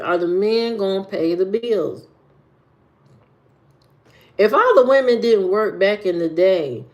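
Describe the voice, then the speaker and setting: A woman from Indiana hosts a casual livestream and answers her viewers at an unhurried, drawn-out pace. Her delivery rambles, doubles back, and repeats phrases while she works out what to say next. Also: mid-range voice, a little mellow, muffled recording. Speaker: livestream host.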